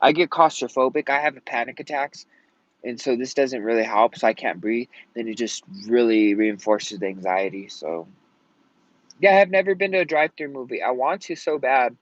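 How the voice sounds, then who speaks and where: A man's voice: medium pitch, moderate pace, no echo. A man venting in a casual vlog rant, rambling and swearing often out of frustration. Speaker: vlogger. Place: at home in Colorado. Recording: dull lo-fi sound.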